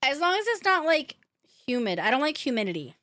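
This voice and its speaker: A woman's voice: high-pitched, very animated, fairly quick, pushed and bright, dry recording, clean studio sound. A young woman streaming a game, chatting casually, joking and laughing, talking while eating. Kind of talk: casual gaming stream chat.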